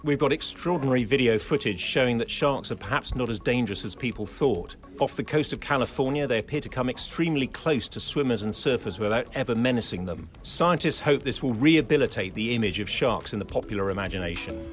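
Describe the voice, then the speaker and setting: A man who runs a newspaper's foreign desk, giving a brisk, matter-of-fact news update. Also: medium pitch, animated, soft background music.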